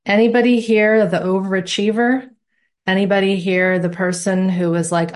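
A woman's voice: medium pitch, fairly even intonation, normal speed. A woman instructor talking to her students in a live online class, with a playful, reassuring manner. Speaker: course instructor.

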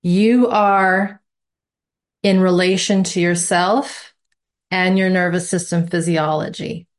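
A woman's voice: on the low side, fairly even intonation, slow pace. A woman instructor talking to her students in a live online class, with a playful, reassuring manner. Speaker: course instructor.

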